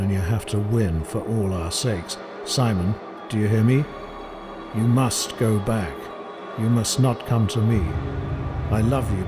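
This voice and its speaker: A man's voice: fairly low pitch, natural voice. A man reading the part of a ghostly dead wife in an audiobook, pleading and insistent.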